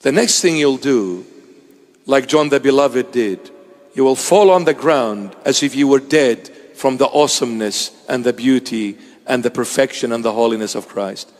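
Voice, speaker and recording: A man's voice: mid-range voice, moderate pace, long reverb tail. A man preaching a sermon to his congregation in an emphatic, rhetorical style, repeating key phrases.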